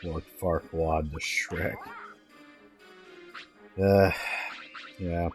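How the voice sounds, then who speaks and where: A man's voice: low voice, level tone, drawn-out words. A man streaming live gameplay, swearing and trash-talking the game as he plays. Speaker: gaming streamer. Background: faint game music.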